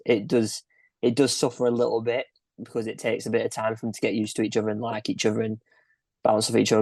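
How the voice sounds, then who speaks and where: Low-voiced laid-back man. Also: creaky, darkish tone, dry recording. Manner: laid-back, laughs often, repeats himself. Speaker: podcast co-host. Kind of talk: casual film-review chat.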